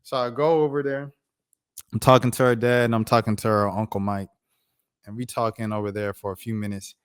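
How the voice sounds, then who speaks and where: A man around thirty telling a personal story on his vlog in a casual, slangy, animated way. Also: fairly low pitch, fairly quick, clean tone. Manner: animated, slangy, acts out voices. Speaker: YouTuber.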